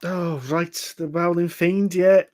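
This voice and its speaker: A man's voice: high voice, level tone, slow, darkish tone. A man voicing a scruffy, slightly nervous male fisherman with a put-on Liverpool accent. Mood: relieved.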